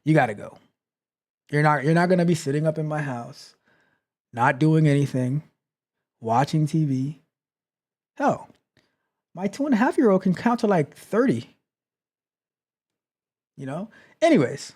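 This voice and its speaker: Streamer host, male, slightly high voice with a lively, swinging delivery, repeats himself. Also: measured pace, pauses often. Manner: animated storytelling, repeats phrases. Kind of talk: casual livestream talk.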